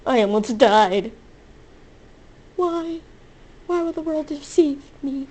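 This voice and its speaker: Hyper high-voiced woman gaming. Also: expressive, slow, pauses often, a little mellow, slight background noise. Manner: hyper, squealing and playful. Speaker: gaming video host. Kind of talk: excitable gameplay commentary.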